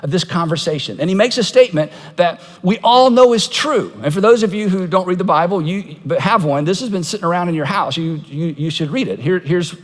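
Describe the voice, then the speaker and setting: A man's voice: high voice, brisk, few pauses, long reverb tail. A man preaching a sermon as pastor, telling stories in a conversational way and acting out quoted voices with humor.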